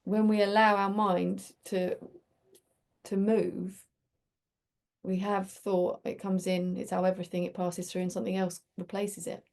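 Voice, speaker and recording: A woman's voice: medium pitch, level tone, unhurried, gravelly, a little mellow. A woman hosting a community group, talking in a chatty, reflective way and telling stories with many restarts. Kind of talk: casual reflective talk.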